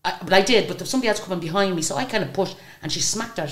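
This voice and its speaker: A woman's voice: medium pitch, racing. A woman in her sixties with an Irish accent, a singer telling stories in a chatty interview, often restarting her sentences. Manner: chatty, lively storyteller with frequent restarts. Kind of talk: casual storytelling interview.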